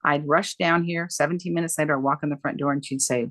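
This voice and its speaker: A middle-aged woman, a dementia care coach, tells stories as a guest in a conversational interview, speaking fast in an animated, emphatic way and repeating phrases for effect. Her pitch is ordinary for a woman, and the sound is dry and close with no room echo.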